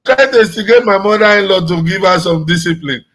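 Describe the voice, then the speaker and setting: A man from Nigeria chats in a relaxed, conversational way, sometimes restarting his sentences. His voice sits a little high for a man. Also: brisk, low-quality recording. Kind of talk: casual chat.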